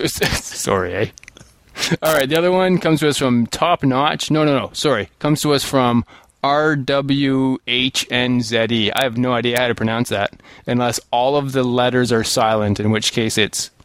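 A man's voice: mid-range voice, moderate pace, fairly bright tone, clear, resonant tone, dry recording. A man co-hosting a podcast, laid-back and jokey, reading listener reviews. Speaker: podcast co-host. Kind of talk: casual podcast chat.

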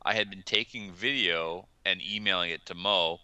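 A man's voice: sits low, moderate pace, sharp tone, clear, resonant tone, no echo. A man co-hosting a casual podcast chat, telling stories and adding dry quips. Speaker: podcast co-host.

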